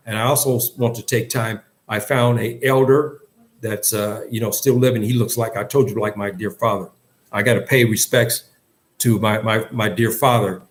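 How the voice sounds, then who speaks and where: A man giving an Islamic lesson in English, earnest and emphatic, often repeating himself and restarting his sentences. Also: on the low side. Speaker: religious teacher.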